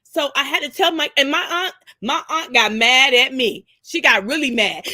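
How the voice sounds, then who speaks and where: A woman's voice: high-pitched, expressive, moderate pace, pushed and bright, no room sound. A woman in her forties talking on a discussion panel, emphatic, repeating herself and cursing freely. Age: 40s. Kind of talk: casual discussion.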